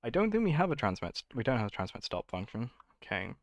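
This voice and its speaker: A man's voice: medium pitch, very animated, quick pace, no echo. A man streaming himself coding, thinking aloud in a casual, muttering way and correcting himself as he goes.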